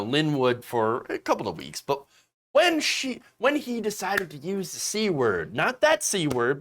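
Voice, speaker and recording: Sarcastic man with a lively voice. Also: on the high side. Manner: sarcastic, mocking voices of opponents. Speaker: political commentary host. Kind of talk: casual political commentary.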